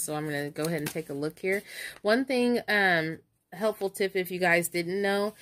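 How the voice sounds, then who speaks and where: A woman chatting excitedly in a casual vlog, stuttering now and then as she leafs through coupon inserts. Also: fairly low pitch. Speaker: couponing vlogger. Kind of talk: casual show-and-tell vlog.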